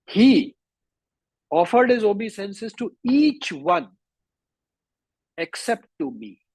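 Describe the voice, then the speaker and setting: A man's voice: sits high, big pitch swings, slow, a little mellow, breathy edge, dry recording, pitched above the performer's own voice, heavily acted. A man voicing a proud, offended sage making a grave complaint. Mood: aggrieved.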